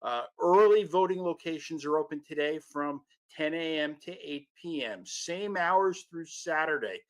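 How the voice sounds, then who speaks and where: A man who edits a political news outlet, giving a brisk, informational election update on radio. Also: a little high, animated. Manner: brisk, informational, repeats words.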